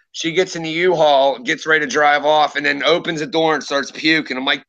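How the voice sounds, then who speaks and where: A man with a very bright, sharp voice pitched a little high, chatting casually on a stream. He swears freely and acts out his own heated lines as he tells the story. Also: fairly quick, few pauses, dull audio. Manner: profane, animated storytelling, quotes himself heatedly. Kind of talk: casual chat.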